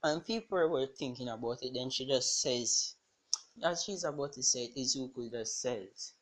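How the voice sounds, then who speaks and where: A man's voice: medium pitch, moderate pace, a bit bright. A man improvising a fan-fiction story aloud, rambling with many restarts and fillers.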